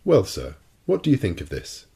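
A man's voice: on the low side, wildly swooping pitch, normal speed, vocal fry, mellow, slightly rough, full character voice. A man reading a cold, commanding sea captain. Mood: ironic. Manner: ironic and cold, unshakably confident. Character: cool, proud, commanding male sea captain. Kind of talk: audiobook character reading.

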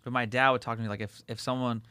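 A fast-talking man hosts a casual podcast chat. He rambles through stories full of curses and fillers. His voice sounds dry and close, with no room sound. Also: mid-range voice, little pitch movement, pushed and bright, clean tone, no room sound. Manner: profane, rambling storyteller with many fillers. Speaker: podcast host.

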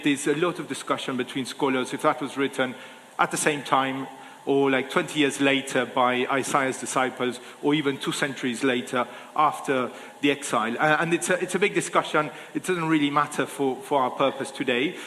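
Preacher, male, slightly high voice, casual delivery with restarts, long hall echo. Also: sharp tone. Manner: informal, thinking aloud with many fillers and restarts. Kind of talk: sermon.

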